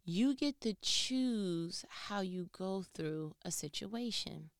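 A woman giving a casual motivational talk into her phone, telling stories animatedly and swinging from loud to hushed. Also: mid-range voice, animated, slow pace, no room sound, studio quality. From New York.

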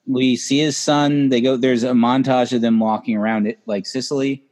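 A man co-hosting a casual film podcast, retelling scenes in an animated way and acting out the lines. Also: medium pitch, moderate pace. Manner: animated storyteller who acts out lines. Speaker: podcast co-host. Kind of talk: casual chat about a film.

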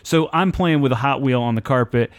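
A young man talks at a medium pitch, swearing freely as he rambles through a self-mocking story. His delivery is loose and conversational, like a podcast chat among friends. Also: fairly quick. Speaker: podcast co-host.

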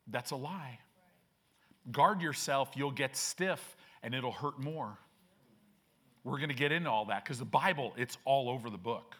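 A man's voice: mid-range voice, measured pace, a bit bright. A man preaching a sermon as pastor, emphatic and repetitive, with frequent restarts.

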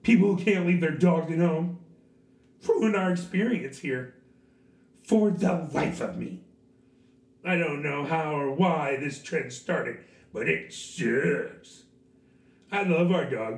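A man's voice: fairly high pitch, lively intonation, slow pace. A man putting on a whiny fussy reviewer. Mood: mocking. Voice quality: mocking nasal put-on voice. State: hoarse. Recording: echoey room, distant mic.

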